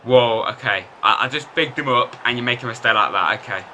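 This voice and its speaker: Excitable man commentating his game. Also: mid-range voice, brisk, slight background noise. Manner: excitable, self-mocking, lively play-by-play. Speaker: gaming YouTuber. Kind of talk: casual video game commentary.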